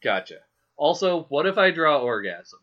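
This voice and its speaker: A man's voice: on the high side, sing-song, normal speed, highs cut off. A man co-hosting a podcast, bantering dryly and reading book passages aloud. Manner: sardonic, mock-grumpy. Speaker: podcast co-host.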